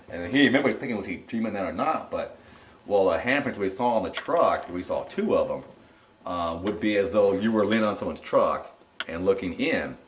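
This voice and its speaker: A middle-aged man giving a rambling, animated personal account in an interview, often repeating his words. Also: fairly low pitch. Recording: roomy and distant from the mic.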